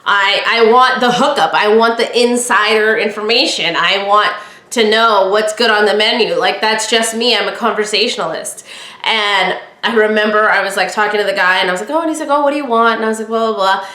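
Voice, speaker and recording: A woman's voice: mid-range voice, brisk, bright, forceful tone, roomy sound. A woman hosting a podcast, talking casually and with strong opinions, acting out bits of past conversations. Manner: chatty, opinionated, acts out quoted dialogue. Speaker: podcast host. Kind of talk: casual solo podcast talk.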